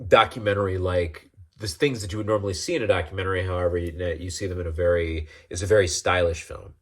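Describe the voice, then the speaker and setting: A man's voice: sits low, slightly rough. A man hosting a casual monologue about acting, rambling with many restarts and fillers. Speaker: host.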